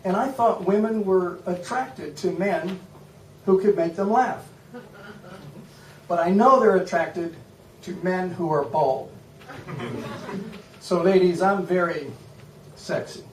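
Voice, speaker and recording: A male stand-up comedian from the United States delivering a deadpan, self-mocking set in a comedy club. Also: high-pitched, slow, long pauses. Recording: echoey room from far off, loud noise.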